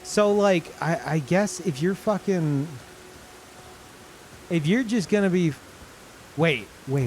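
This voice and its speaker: A man commentating his own gameplay on stream, cursing in disbelief and swinging from high yelps to low grumbles. His talk is slow and drawn out, with a fairly high, very lively pitch. A faint hiss sits under the desk-mic recording. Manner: swearing, incredulous, jumps between loud outbursts and low mutters.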